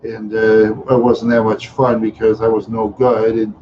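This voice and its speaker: A man's voice: lowish voice, flat delivery, a little slow, slight background noise. A middle-aged man from Minneapolis on a live stream, telling rambling stories with chuckles and mouth sound effects. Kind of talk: rambling storytelling. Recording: dull lo-fi recording.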